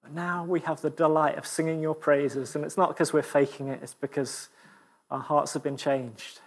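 A middle-aged man preaching a sermon, animated with frequent stumbling restarts, then praying softly to close. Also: on the high side, normal speed. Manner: animated, stumbling restarts, dropping to a hushed prayer.

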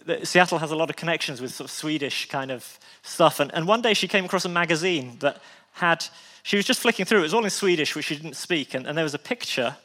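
A man's voice: fairly high pitch, bright, forceful tone, big-room sound. Male preacher, sermon storytelling, restarts, heartfelt asides. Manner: frequent restarts, emotional asides.

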